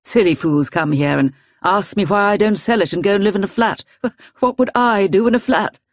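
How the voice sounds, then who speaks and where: A woman voicing a blunt, eccentric elderly spinster in an audiobook, with a brisk, imperious manner. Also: medium pitch, no echo, studio quality, pitched above the performer's own voice, natural voice. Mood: musing. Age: older. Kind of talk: audiobook character voice.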